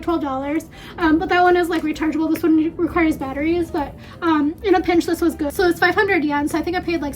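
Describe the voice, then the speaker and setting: A young-sounding woman with a high voice talks her way through a shopping haul at her desk. She rambles and fills pauses with "um," sounding slightly out of breath. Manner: chatty, rambling with many fillers. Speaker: beauty vlogger. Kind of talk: casual haul vlog.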